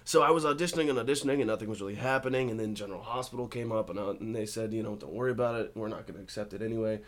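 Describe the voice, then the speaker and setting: A man's voice: fairly low pitch, rapid-fire. A man, an actor guest in a casual interview, telling easygoing stories and laughing often. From born in Australia, raised in Colorado and Texas.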